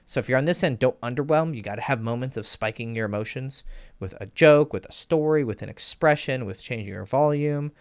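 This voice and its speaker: A man's voice: mid-range voice, a little fast, smooth. A young man casually coaching on dating and charisma. He swears freely and uses vocal sound effects. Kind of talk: casual advice monologue.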